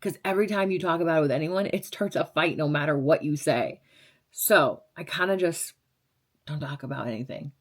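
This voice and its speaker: A woman's voice: low voice, a little fast. Young woman vlogger, twenties, blunt and sarcastic, casual chatty Q&A delivery. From Las Vegas. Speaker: radio DJ and vlogger. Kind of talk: casual chat answering viewer questions.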